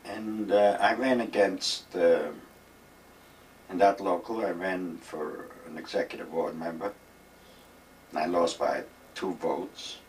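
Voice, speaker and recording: A man's voice: low-pitched, steady tone, takes it slowly, distant mic, slight background noise, rough recording. An older man being interviewed, reminiscing in a rambling, emphatic way and acting out the dialogue of his old stories. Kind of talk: reminiscing storytelling. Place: retirement village home.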